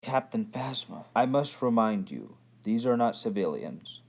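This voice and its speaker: A man's voice: lowish voice, expressive, a little slow, vocal fry, darkish tone, exaggerated voice. A man voicing a cold, commanding female captain in armor, speaking in a clipped, formal way.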